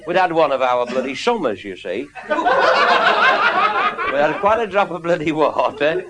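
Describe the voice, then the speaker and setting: A man's voice: fairly high pitch, expressive, moderate pace, heavy background noise. A man telling an earthy, swearing comic anecdote to a live audience and chuckling through his lines. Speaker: storyteller. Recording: loud live audience laughter.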